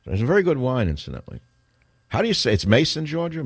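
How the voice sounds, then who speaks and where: A man's voice: mid-range voice, huge pitch swings, fast talker, slightly rough, dry recording. An older man hosting a radio talk show, talking in a combative, sarcastic, rambling way.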